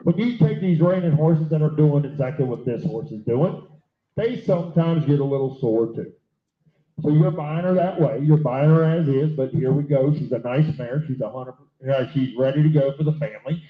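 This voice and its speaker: Older man, auctioneer, rapid bid chant, folksy drawl, high voice, echoey arena sound. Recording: echoey dull live-stream audio.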